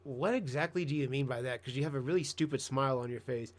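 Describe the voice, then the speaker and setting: A man's voice: mid-range voice, quick pace, a crowd in the background. Crude mocking male commentary host. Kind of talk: casual reaction commentary.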